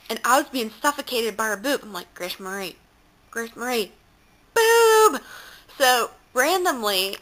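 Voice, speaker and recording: Teenage girl, bright voice, chatty and giggly, close handheld camera. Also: a little high, low-quality recording. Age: late teens. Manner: chatty, giggly anecdote telling. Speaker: vlogger. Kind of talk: casual chat. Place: at home.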